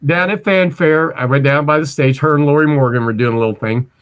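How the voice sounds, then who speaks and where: Forties guy from missouri, bit higher voice, rambly, stops and restarts a lot. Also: fairly quick, clean tone. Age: 40s. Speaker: guest. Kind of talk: casual storytelling.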